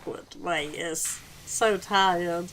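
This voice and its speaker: A woman's voice: lowish voice, steady tone, very slow, fairly bright tone, a little hiss or hum, low-quality recording. A woman hosting a gaming channel, rambling through a casual story while she plays and laughing often. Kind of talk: casual chat while playing.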